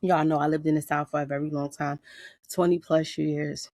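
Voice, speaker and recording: A middle-aged woman from New Jersey chats unscripted from her backyard with a low, gravelly voice. She tells stories bluntly and with plenty of swearing and energy. Her voice sits close and dry with almost no room sound. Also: moderate pace, dry recording. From Paterson, New Jersey. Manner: blunt, profane, animated storytelling. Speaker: podcast host. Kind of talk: casual unscripted chat. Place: outdoors in her backyard garden.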